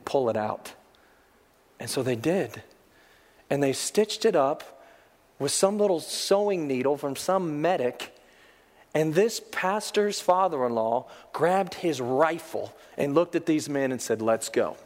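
A man's voice: fairly high pitch, expressive, unhurried, darkish tone, in a large hall. A male pastor preaching a sermon, building to emphatic exhortations.

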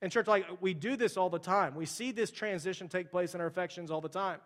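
A young male pastor with a high voice preaches in a relaxed, conversational way. He peppers his sermon with filler words and asks his congregation direct questions. His voice rings out with the long reverb of a big church hall. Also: fast talker.

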